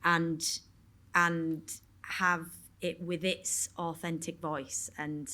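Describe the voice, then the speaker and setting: A woman's voice: deep voice, level tone, extremely slow, bright, forceful tone. A woman with a Yorkshire accent speaking frankly on stage at a panel Q&A, rambling and swearing casually. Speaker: actor on a panel. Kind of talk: candid Q&A talk. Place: stage at a cinema event.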